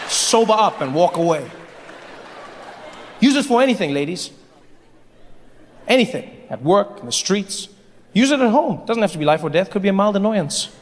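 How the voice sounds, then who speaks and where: A man doing stand-up comedy, animated and quick to jump into voices, on a stage mic in a large hall. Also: high-pitched, a little hiss or hum.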